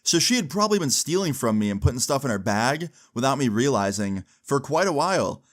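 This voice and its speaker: This young man tells a story casually, leaning on constant fillers as he goes. His pitch sits in an ordinary middle range for a man. He talks the way people chat with friends. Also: sing-song, a little fast. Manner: chatty, heavy with "like" and "you know" fillers.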